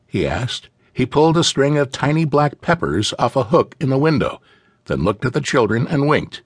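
Male fantasy audiobook narrator, animated delivery, dry studio sound. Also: mid-range voice, normal speed, slightly rough, no room sound. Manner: vivid, expressive storytelling.

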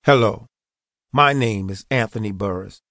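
A man reading an audiobook in a steady, earnest storytelling manner, close to the microphone. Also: lowish voice, a little slow, dry recording. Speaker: audiobook narrator. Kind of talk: scripted audiobook narration.

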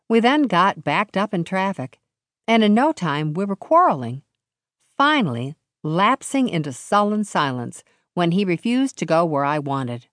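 A woman narrating a novel in the first person, with a measured, expressive storytelling delivery into a close studio mic. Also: low-pitched, no room sound. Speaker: audiobook narrator.

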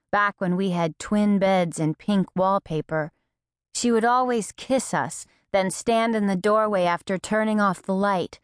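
Woman, audiobook narrator; calm first-person reading, dry booth sound. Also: mid-range voice, clean tone, dry recording.

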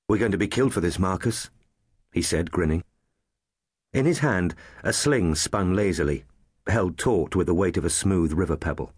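A man narrating an audiobook novel in a measured, even storytelling manner. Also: low-pitched, husky, no room sound, clean studio sound. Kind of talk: scripted narration.

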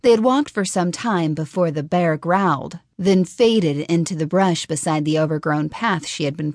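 A woman reads a fantasy novel aloud in a steady, measured storytelling manner. Her voice sits low, and the dry booth gives it a close, deadened sound. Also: dry recording. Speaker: audiobook narrator. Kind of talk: scripted audiobook narration.

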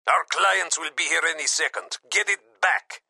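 A man narrating an audiobook voices a gruff, impatient Russian crime boss who barks orders over a radio earbud, with a raspy, gravelly Russian accent. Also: fairly high pitch, normal speed, pushed and bright, no room sound, studio quality, voice pushed up, full character voice. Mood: impatient demanding. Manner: demanding and impatient.

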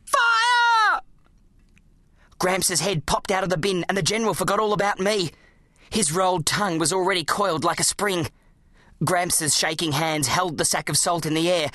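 An audiobook narrator, telling a children's adventure story in an animated, dramatic way. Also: medium pitch, a little fast, no echo, clean studio sound. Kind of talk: scripted narration of a children's book.

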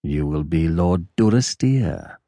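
A man's voice: expressive, mellow, no room sound, studio quality, full character voice. A man voicing a mocking, malicious young lord. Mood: cool. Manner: slow, low, sneering. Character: young nobleman, the mocking, malicious elder brother. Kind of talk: audiobook character voice.

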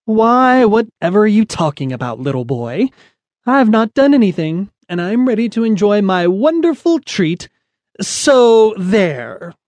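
A man's voice: sits high, big pitch swings, measured pace, darkish tone, no room sound, pitched above the performer's own voice. A snooty bossy barn cat, as a man puts her on. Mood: haughty. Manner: snooty, condescending. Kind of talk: children's audiobook acting.

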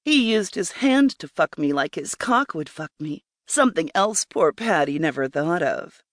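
A woman narrating a first-person erotic story in a slow, breathy, intimate way. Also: low-pitched, expressive, no echo, studio quality. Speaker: audiobook narrator.

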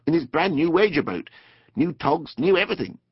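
A man voicing a sociable, gossipy male river otter with a gruff, blustery, chatty manner in a storybook reading. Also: fairly high pitch, animated, fairly quick, dry recording, voice pushed up. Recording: dull dry studio recording.

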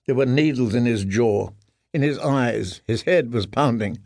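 A man's voice: mid-range voice, a little slow, gravelly, a little mellow, no room sound, studio quality. Grave male audiobook narrator. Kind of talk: scripted narration.

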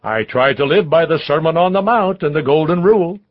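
A man's voice: fairly high pitch, animated, fairly quick, natural voice. A man voicing a plain-spoken, gracious older US president in an audiobook, on a dull, lo-fi recording. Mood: calm.

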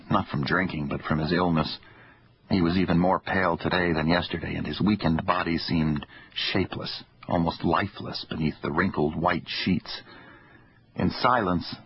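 Deep-voiced male audiobook narrator. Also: husky, muffled recording. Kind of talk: scripted narration.

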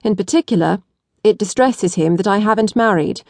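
A woman narrator voicing a cool, blunt aristocratic young man who speaks calmly and in a businesslike way. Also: medium pitch, vocal fry, no room sound, lightly acted. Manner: calm, businesslike, measured.

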